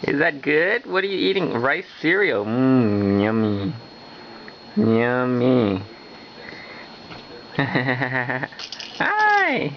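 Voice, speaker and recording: A man's voice: medium pitch, animated, very slow, pauses often. A man using playful baby talk while feeding a baby at home, laughing often, on a muffled home video with background noise.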